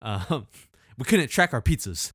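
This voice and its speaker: Male podcast co-host, lively pitch, slangy storyteller, dry sound. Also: a little slow, husky, no room sound. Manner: animated storyteller, laughs often, slangy. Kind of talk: casual chat.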